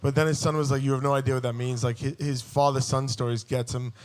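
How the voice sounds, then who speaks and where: A man in his forties telling a long crude, funny story as a guest on a live podcast, abrasive and prone to loud outbursts. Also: mid-range voice, little pitch movement, quick pace. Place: live show on a cruise ship.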